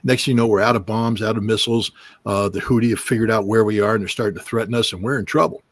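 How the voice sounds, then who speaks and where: Husky middle-aged guy ranting about politics on a stream, dry close mic. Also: lowish voice, fairly even intonation, fast, dry recording. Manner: emphatic, mimics officials in quoted asides. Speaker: livestream guest commentator. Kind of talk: animated political commentary.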